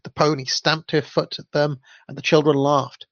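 A man's voice: a little high, little pitch movement, normal speed, dry recording. A man reading a children's story aloud in an unpolished way, with the odd stumble, amused by the text. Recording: dull lo-fi dry recording.

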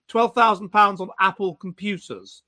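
A man co-hosting a casual chat, animated and mocking, with frequent stammering restarts. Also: high-pitched, moderate pace. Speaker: podcast co-host.

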